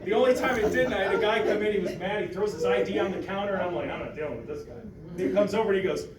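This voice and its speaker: A man from Ohio chatting casually, telling stories with lively acted-out quotes and casual swearing. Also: sits high, racing, over a noisy crowd. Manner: animated storyteller, acts out quotes loudly, swears casually. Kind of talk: casual podcast chat. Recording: echoey room, mic at a distance, background noise.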